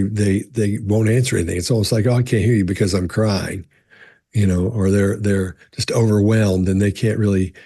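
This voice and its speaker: A middle-aged man with a fairly low, husky voice and darkish tone talks casually to camera with no echo. He answers questions about body language and tells stories conversationally, often restarting his sentences and saying "you know."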